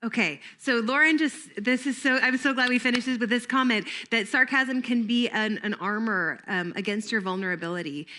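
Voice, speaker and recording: A woman's voice: on the high side, moderate pace, few pauses, sharp tone, a little hiss or hum. A middle-aged woman giving a playful camp training talk to volunteers, laughing often and breaking into made-up jingles.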